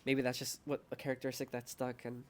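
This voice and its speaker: A man's voice: mid-range voice, monotone, quick pace. A young man hosting a casual podcast chat, rambling and self-mocking, laughing often and acting out quoted voices. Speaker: podcast host.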